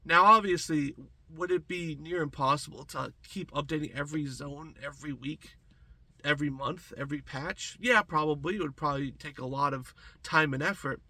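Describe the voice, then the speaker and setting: Stuffed up from a cold, this gaming commentator chats and rambles to viewers from a cramped closet. His voice is a little high, creaky, and sharp-toned, with no echo at all.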